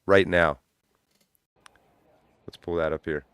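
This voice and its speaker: A man hosting a livestream in loose, profane, casual chat, breaking into loud laughs. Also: sits low, steady tone, slow pace, clear, resonant tone, no room sound, studio quality. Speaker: livestream host.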